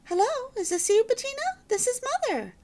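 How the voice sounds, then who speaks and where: A woman voicing a fond, fussing mother who speaks quickly in a confiding, hushed way. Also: very high-pitched, sing-song, voice pushed up, full character voice.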